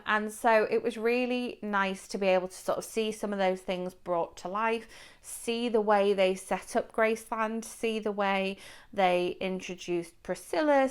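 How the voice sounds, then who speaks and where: A woman's voice: mid-range voice, clean tone. A woman giving a casual spoken movie review to camera, chatty and rambling, with fillers and restarts. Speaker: book and film reviewer.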